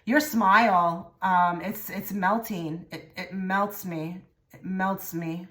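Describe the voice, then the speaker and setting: A woman giving a pick-a-card tarot reading to her viewers, rambling and repeating herself, often trailing into soft murmured phrases. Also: fairly low pitch, steady tone, slow. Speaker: tarot reader.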